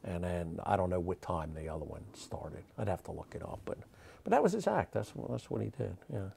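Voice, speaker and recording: Gravelly low-voiced man telling stories. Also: animated, brisk, warm tone. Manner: rambling anecdotal telling with many fillers. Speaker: magic historian. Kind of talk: interview storytelling.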